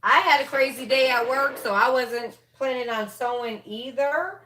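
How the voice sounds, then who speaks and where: A woman's voice: sits high, moderate pace, bright, forceful tone, slight background noise. A woman hosting a sewing livestream from home, chatting casually with viewers and laughing often. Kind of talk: casual chat while sewing.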